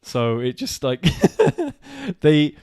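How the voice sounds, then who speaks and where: A man's voice: on the high side, very animated, extremely slow, a little mellow, clear, resonant tone. Laughing West Country man, chatty. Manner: laughs a lot, self-mocking, restarts. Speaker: co-host of live show. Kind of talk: casual chat, trying movie-quote accents.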